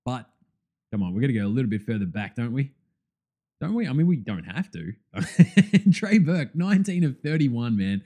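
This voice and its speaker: Hosting a sports podcast, an Australian man of medium pitch delivers excited, casual commentary, laughing and swearing freely.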